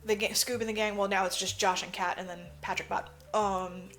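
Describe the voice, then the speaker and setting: A woman's voice: mid-range voice, little pitch movement, fairly quick, fairly bright tone. A woman co-hosting a podcast, casually recapping a film and acting out the characters' lines, with plenty of fillers and swearing. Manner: swears freely, lots of "like" fillers. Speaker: podcast co-host. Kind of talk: casual movie recap chat.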